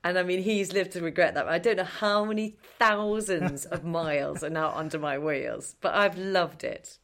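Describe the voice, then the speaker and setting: A middle-aged woman telling a long story as a podcast guest, animated and self-mocking, laughing often. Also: lowish voice, normal speed, few pauses. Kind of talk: chatty storytelling interview.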